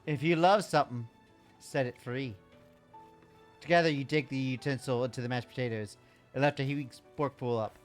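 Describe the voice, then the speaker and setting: A game master narrating a live-streamed tabletop game in a low, dramatic storybook manner. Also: fairly even intonation, moderate pace, soft background music.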